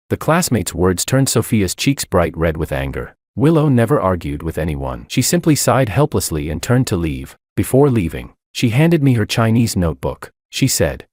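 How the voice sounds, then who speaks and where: A man's voice: low-pitched, very animated, moderate pace, few pauses, a little mellow, no room sound, clean studio sound. A man reading a first-person drama story in a scripted, dramatic narration.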